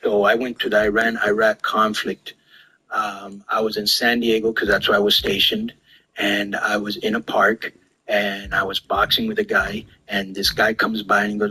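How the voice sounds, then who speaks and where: A man's voice: on the low side, moderate pace, breathy edge, low-quality recording. A man casually telling a story about getting into wrestling, acting out the people he quotes. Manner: animated, acts out quoted lines. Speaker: former wrestler telling stories.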